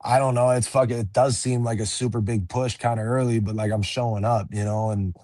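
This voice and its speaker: A man's voice: medium pitch, fairly even intonation, fairly quick, dark tone, no echo. Chill young fighter guy cussing a lot, dry close mic. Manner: profane, laid-back, laughing often. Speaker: MMA fighter, interview guest. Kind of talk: casual interview chat.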